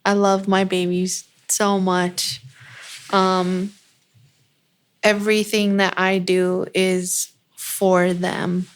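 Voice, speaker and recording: A woman's voice: medium pitch, little pitch movement, drawn-out words, a little hiss or hum. A woman guest on a podcast, speaking earnestly and from the heart about supporting other women and her children. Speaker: guest, beauty brand founder. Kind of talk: casual podcast chat.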